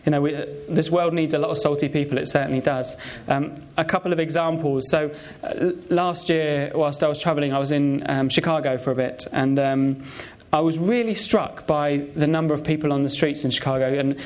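Halting man giving a sermon. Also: a little high, fairly even intonation, a little mellow. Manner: conversational, halting, many fillers and restarts. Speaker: preacher. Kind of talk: sermon with personal stories.

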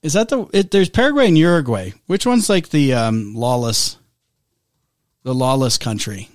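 A man co-hosts a podcast in casual conversation, rambling with many fillers and restarts. His mid-range voice has lively intonation at a moderate pace, and the studio-quality recording has no echo.

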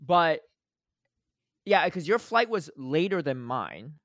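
A man's voice: fairly high pitch, slow pace, dry recording, clean studio sound. A man co-hosting a casual podcast, reading chat comments aloud and chatting with lots of fillers. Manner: animated, filler-heavy, explains things at length. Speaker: podcast co-host.

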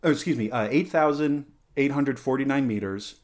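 A man in the middle of the male range hosts a relaxed podcast chat. He talks in loose, rambling bursts, filling pauses with "uh" and "like" and often restarting a thought. His tone is playful, and he keeps drifting into tangents. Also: medium pitch. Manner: rambling, full of fillers and self-corrections. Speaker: podcast host.

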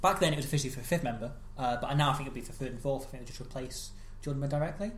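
Man, fast talker, podcast co-host, dry playful humor, roomy echo. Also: medium pitch. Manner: quick, playful, deadpan jokes. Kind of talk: casual comedic banter. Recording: echoey room.

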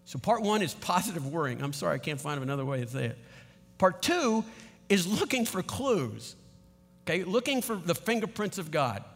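Middle-aged male pastor, high voice, chatty and animated, quizzes his congregation, long hall reverb. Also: moderate pace, creaky. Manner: conversational, animated, asks the audience questions. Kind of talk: sermon.

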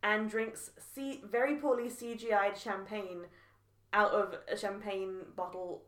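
A woman's voice: medium pitch, fairly even intonation, a little slow, fairly bright tone. A woman co-hosting a podcast, chatting casually and animatedly, laughing often. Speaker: podcast co-host. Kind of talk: casual chat. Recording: echoey room.

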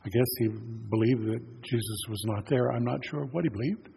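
A man's voice: mid-range voice, a little fast, gravelly, dark tone, slightly rough. A male pastor preaching a sermon, retelling a scripture story in a plain, conversational storytelling way. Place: church sanctuary. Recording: long church reverb, faint noise.

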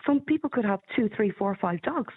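A woman's voice: mid-range voice, animated, breathy edge, narrow, tinny audio. Blunt Irish woman on a thin line. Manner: blunt, opinionated, quick to laugh. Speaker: radio panelist. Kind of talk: casual radio chat.

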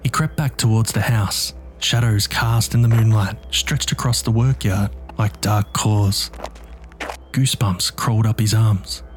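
A man narrating a dark story in a tense, measured, scripted delivery. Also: fairly low pitch, fairly even intonation, soft background music.

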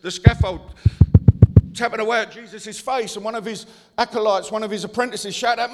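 A pastor preaching a sermon, building up to shouts and asking the congregation questions. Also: male voice, high-pitched, steady tone, a little fast. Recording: long hall reverb.

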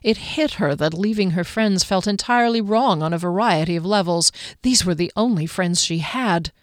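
A female audiobook narrator with a lowish voice gives a measured, expressive reading of a fantasy story, recorded dry in a clean studio.

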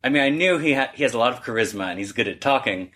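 A man being interviewed as a podcast creator in a casual chat, lively and acting out quoted dialogue as he talks. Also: mid-range voice, rapid-fire. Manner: animated, acts out quoted dialogue.

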